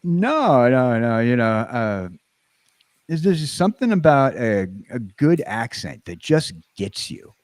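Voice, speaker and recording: A man's voice: medium pitch, very animated, no room sound. Rambling American man, dry sound. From United States. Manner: rambling, halting, full of fillers and restarts. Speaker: livestream host. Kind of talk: casual stream chat.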